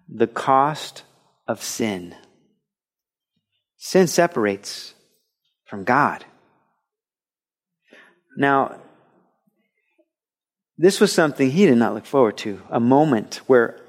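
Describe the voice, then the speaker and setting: A man preaching a sermon with emphasis, repeating phrases and moving between loud and quiet passages. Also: mid-range voice.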